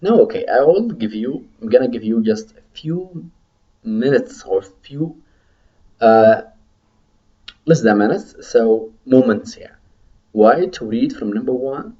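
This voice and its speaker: A man teaching medical English in a recorded lecture, modelling numbers slowly for students to repeat after him. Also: medium pitch, animated, warm tone, lo-fi sound.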